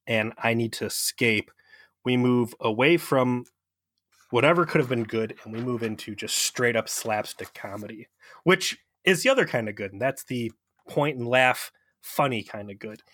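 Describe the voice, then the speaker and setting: A young adult man co-hosting a podcast, casually recapping an episode with profane, animated storytelling. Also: medium pitch, normal speed, dry recording. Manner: profane, animated storytelling with mocking quoted voices. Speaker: podcast co-host.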